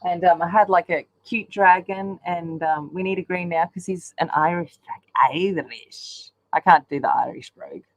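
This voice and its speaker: A woman's voice: lowish voice, normal speed, hardly any pauses, dry recording, low-quality recording. A woman chatting casually while she colours, rambling along with lots of ums. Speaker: colouring channel host. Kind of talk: casual chat while colouring on a live stream.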